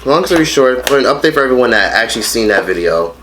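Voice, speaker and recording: A man's voice: medium pitch, quick pace, noisy background. Blunt, chatty man over clattering dishes. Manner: blunt and expressive, swears freely. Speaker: vlogger. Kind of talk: casual mukbang chat. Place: at home eating a meal.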